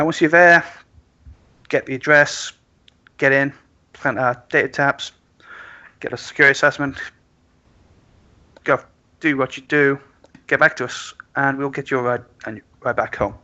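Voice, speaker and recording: A man's voice: medium pitch, bright, forceful tone, highs cut off. A man voicing a bitter, sarcastic woman activist fixer in a tabletop game, blunt and grudging.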